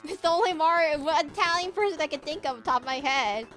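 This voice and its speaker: Woman streamer, high voice, giggly rambling chat, faint game music behind. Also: brisk, fairly bright tone. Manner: giggly and rambling, chatting with viewers. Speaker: VTuber streamer. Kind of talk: casual livestream chat while gaming.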